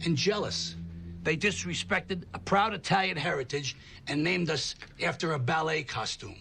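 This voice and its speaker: A man's voice: fairly high pitch, normal speed, vocal fry, pushed and bright. A man playing a proud, touchy Italian-American male schoolteacher who quizzes his class and grows indignant. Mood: indignant teacher. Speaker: teacher.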